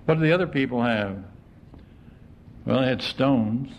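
A man's voice: mid-range voice, a little slow, dull audio. A man preaching an informal sermon to a congregation, chatty, often putting questions to his listeners. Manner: conversational, asks the audience questions.

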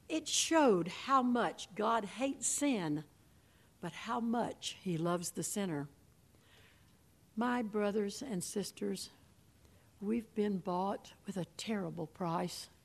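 Woman preacher, mid-pitched, slow and weighty sermon delivery, hushed to ringing. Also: vocal fry. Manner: dramatic, swinging between hushed and ringing. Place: room with a congregation.

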